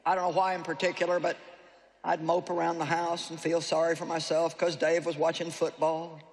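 A woman's voice: fairly low pitch, level tone, fairly quick, a little mellow. A woman preacher delivering a conversational, humorous sermon to a live audience, often teasing her listeners. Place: large hall with live audience. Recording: reverberant hall, faint noise.

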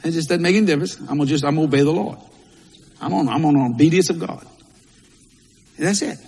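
A man's voice: on the high side, quick pace, a little mellow, husky. A male pastor, preaching a sermon in a folksy, repetitive way with Southern turns of phrase. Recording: long hall reverb.

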